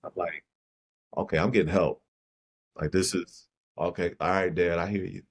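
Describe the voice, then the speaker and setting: Podcast guest: middle-aged Chicago man, very low voice, reflective and halting, repeats phrases. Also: fairly even intonation, a little hiss or hum. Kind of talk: personal storytelling in conversation.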